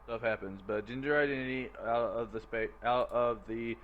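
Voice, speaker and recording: A blunt man in a casual voice chat who has been drinking, speaking haltingly with many restarts. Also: medium pitch, fairly even intonation, phone-quality sound, slight background noise. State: slightly tipsy. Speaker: applicant to gaming community.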